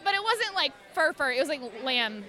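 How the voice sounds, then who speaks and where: Bright, high-voiced woman telling lively stories. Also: normal speed, some chatter behind. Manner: animated storyteller who swears casually and acts out her cats. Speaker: guest, cosplayer. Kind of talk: casual chat.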